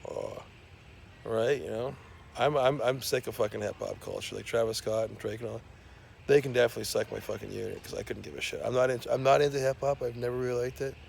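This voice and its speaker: A man rambles through a profane comic rant, stumbling over fillers and restarts. His voice is rough and gravelly, sitting at an ordinary male pitch. A faint hum of room noise sits underneath. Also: fairly even intonation, fast talker, a little mellow. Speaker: self-described scientist.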